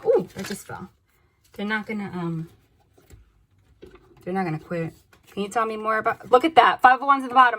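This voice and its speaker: A young woman giving a casual tarot reading to camera, talking freely with swearing and bursts of excited exclamations. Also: medium pitch, slight background noise. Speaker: tarot reader.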